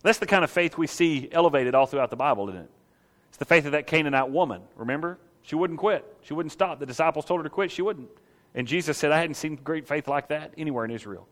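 A man preaching a sermon in an animated way, asking the congregation rhetorical questions and acting out the scene. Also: a little high, quick pace, big-room sound. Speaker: pastor.

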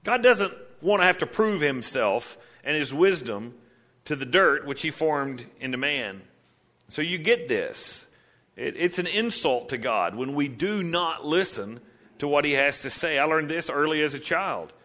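A pastor delivers a sermon in a bright, carrying voice pitched fairly high, animated yet measured in pace. He rattles off rhetorical questions, takes on the voices of the people in his stories, then steps back to explain the passage verse by verse.

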